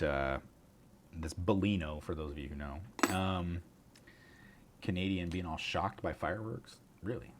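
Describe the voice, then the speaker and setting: Deep-voiced man chatting casually on a stream. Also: slight background noise. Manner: rambling, swearing, chuckling, mutters asides. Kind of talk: casual livestream chat.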